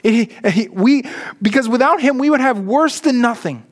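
A man preaching a sermon as a pastor, earnest, often slowing and dropping his voice low to stress a phrase. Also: animated. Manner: earnest preaching, slows and drops low for emphasis.

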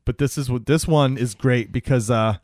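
A man chatting on a podcast, recapping comedy sketches with lively energy and swearing. He slips into the characters' lines as he tells the story. His voice sits at a middle pitch and the sound is dry and close. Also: normal speed, no echo. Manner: animated storyteller, acts out quotes, swears freely. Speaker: podcast co-host. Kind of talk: casual chat retelling comedy sketches.

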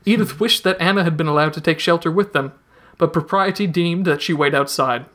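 Brief: high-pitched man, theatrical story reader, playful, accents that drift around. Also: brisk, fairly bright tone. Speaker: podcast co-host reading his story. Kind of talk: reading a comic fan story aloud.

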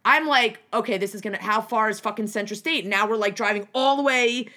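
Bright-voiced, animated young woman storyteller. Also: mid-range voice, a little fast. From New Jersey. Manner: animated, profane, rambling with many restarts and acted-out quotes. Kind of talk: casual storytelling chat.

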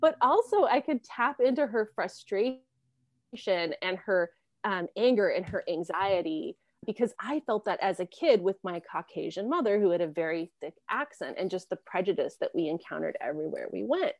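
A woman in her thirties or forties from South America recounts personal anecdotes as an interview guest at a moderate pace, her medium-pitched voice expressive and darkish in tone. She often laughs and performs others' lines, with no room sound.

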